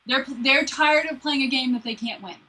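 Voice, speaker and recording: A woman with a fairly high, breathy voice gives relationship advice one numbered step at a time. She sounds earnest and practical and now and then slips into playful quoted lines. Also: moderate pace, pushed and bright, poor audio. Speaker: relationship coach. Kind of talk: advice-giving conversation.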